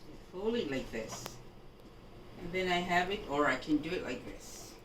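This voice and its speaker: A woman from Jamaica gives an unhurried, instructive housekeeping demonstration and keeps checking in with her viewer. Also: lowish voice, animated. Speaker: housekeeping vlogger. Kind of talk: home laundry-folding demonstration. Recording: echoey room, voice from a distance, background noise.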